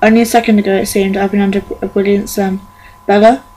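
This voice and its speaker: A woman's voice: mid-range voice, fast, soft background music, rough recording. A woman reading a novel aloud in an amateur audiobook, stumbling and correcting herself often. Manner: monotone reading with frequent stumbles and self-corrections. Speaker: fan audiobook reader.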